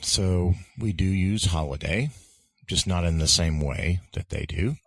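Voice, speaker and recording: A deep, husky-voiced man chatting on a podcast. He is relaxed and jokey, with a dry, close sound. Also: unhurried, no room sound. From United States. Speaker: podcast co-host. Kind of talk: casual language-lesson podcast chat.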